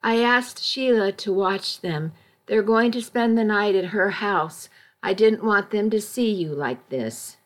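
A woman's voice: medium pitch, unhurried, lightly acted. A woman voicing a weary, exasperated husband in an audiobook, blunt and reproachful. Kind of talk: audiobook reading.

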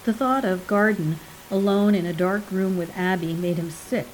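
A woman narrating a short story in an even, measured voice. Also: mid-range voice, a little hiss or hum, low-quality recording. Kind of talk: audiobook narration.

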